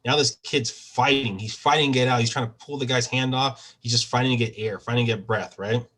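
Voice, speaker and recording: A man's voice: medium pitch, steady tone, fairly quick, a bit bright, low-quality recording. Man coaching over a video call. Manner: casual, peppers talk with tag questions. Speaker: real estate trainer. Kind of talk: conversational training talk on a video call.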